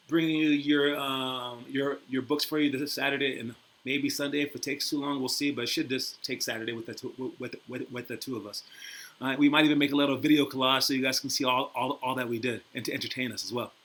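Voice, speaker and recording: Rambling, bright-voiced male host. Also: medium pitch, steady tone, a little fast. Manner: rambling, repeats "all right?" often; laughs easily, teasing. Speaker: basketball program host and coach. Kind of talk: casual motivational talk and interview.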